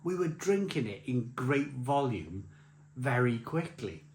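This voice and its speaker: Man, casual anecdote, lively swooping pitch, roomy echo, faint background ambience. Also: slow, slight background noise. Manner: rambling, laughing storyteller with many restarts. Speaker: beer vlogger telling a story. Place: beer festival.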